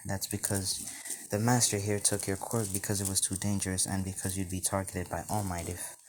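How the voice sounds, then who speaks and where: A man playing a soft-spoken doctor who explains himself and apologizes. Deep and subdued, part of a casual fan story. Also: flat delivery, brisk, slight background noise, natural voice. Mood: explaining.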